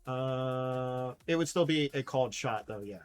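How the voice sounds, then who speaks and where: Calm man running a tabletop game. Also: mid-range voice, measured pace, smooth, faint music behind. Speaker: game master.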